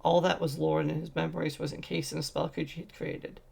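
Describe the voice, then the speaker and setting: A man's voice: fairly high pitch, little pitch movement, quick pace, gravelly, slightly rough. A man narrating a fantasy short story as a fan audiobook, reading steadily with occasional slips.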